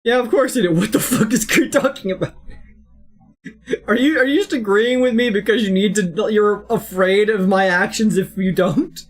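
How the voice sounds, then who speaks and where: A streamer chatting casually while playing a game, animated and jokey, often slipping into silly voices. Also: mid-range voice, normal speed. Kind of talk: casual game let's-play chat. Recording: game music underneath.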